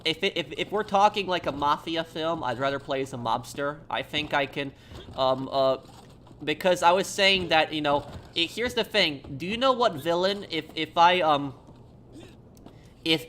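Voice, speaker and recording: A man streaming a game, chatting casually with viewers in a halting, hesitant way full of restarts. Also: on the high side, pushed and bright, a little hiss or hum. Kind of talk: casual live-stream chat.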